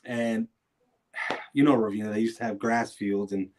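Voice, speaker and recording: A man from New York State co-hosting a casual sports watch-along, telling stories in a relaxed way and often repeating his words as he starts a sentence. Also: lowish voice, normal speed. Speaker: co-host.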